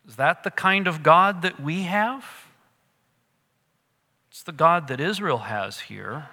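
A man preaching a sermon, animated at times and dropping to a hush for emphasis. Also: on the high side, slow, pauses often, in a large hall. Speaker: pastor.

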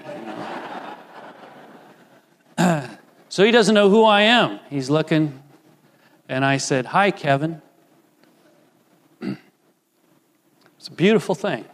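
An older man preaching a sermon as pastor, slow and deliberate with emphatic pauses. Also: fairly high pitch. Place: church sanctuary. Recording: long reverb of a church hall.

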